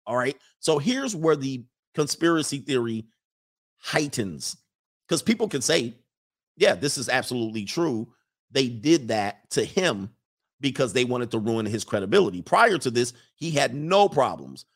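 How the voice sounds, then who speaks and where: A man delivers casual online sports commentary in an ordinary mid-pitched voice. He rambles, trips over words and circles back to fix himself as he goes. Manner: rambling, often restarts and corrects himself.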